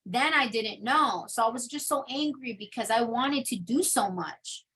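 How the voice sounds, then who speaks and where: A woman's voice: a little high, normal speed, fairly bright tone, low-quality recording. A young adult woman telling her personal testimony in an interview, candid and full of fillers. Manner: candid storytelling with many fillers. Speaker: interview guest.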